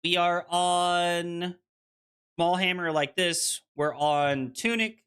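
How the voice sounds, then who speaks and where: This man has a high, clear, resonant voice with a steady, sharp tone, and he speaks slowly. While streaming a card game he chats casually, reads viewer messages aloud, and uses lots of "like" fillers.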